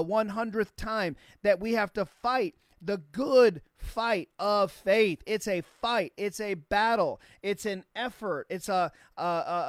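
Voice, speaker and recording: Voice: medium pitch, no room sound. Preacher spelling out words in a dry sermon. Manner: emphatic, repeats key phrases, spells out words letter by letter; shifts between slow stressed phrases and quick runs. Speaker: pastor.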